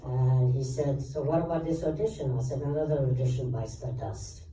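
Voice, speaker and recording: A man, a guest actor at a convention panel, telling animated anecdotes and acting out quoted dialogue. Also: mid-range voice, fairly quick, few pauses, crowd noise. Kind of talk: storytelling Q&A answers. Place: large convention hall. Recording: echoey hall, taped from far off.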